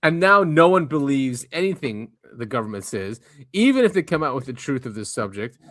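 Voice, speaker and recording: A man co-hosting a podcast in casual chat, his thoughts halting as he breaks off and starts again. His voice sits at a middle pitch and the sound is dry and close, with no room in it. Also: big pitch swings, fairly bright tone, dry recording. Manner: halting, trailing off and restarting. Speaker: podcast co-host.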